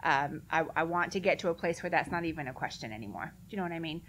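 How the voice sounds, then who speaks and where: A woman's voice: low-pitched, animated, fast talker, fairly bright tone, slight background noise. A woman speaking earnestly and directly in a casual question-and-answer session, laughing now and then. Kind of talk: casual Q&A talk.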